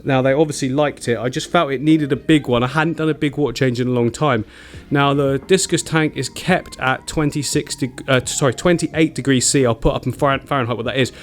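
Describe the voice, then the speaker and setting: A man vlogging about his aquarium, excitable and chatty, laughing often between remarks. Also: mid-range voice, fairly quick. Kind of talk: excited casual vlog narration.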